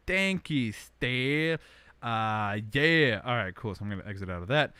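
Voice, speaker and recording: A young man hosting a casual livestream from home, rambling with lots of fillers and bursts of animated complaint. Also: lowish voice, moderate pace, smooth, no echo. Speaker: podcast host. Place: indoors at home under a blanket.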